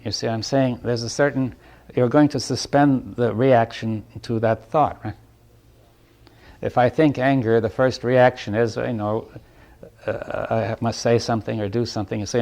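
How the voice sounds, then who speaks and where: A man giving a reflective spoken talk to a small audience. He often restarts his phrases, checks in with his listeners, and chuckles softly between points. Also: on the low side.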